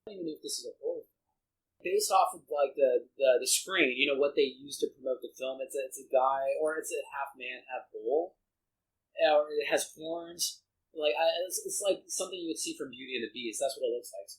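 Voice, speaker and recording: A man's voice: medium pitch, a little fast, low-quality recording. Rambling, earnest man chatting casually. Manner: rambling, earnest, frequent restarts. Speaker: podcast guest. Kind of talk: casual reaction chat.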